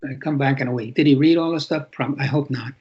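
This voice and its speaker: A fast-talking older man with a medium-pitched voice appears as a guest author in a podcast interview. He shares thoughtful stories, restarting his sentences often, over dull, low-fidelity audio.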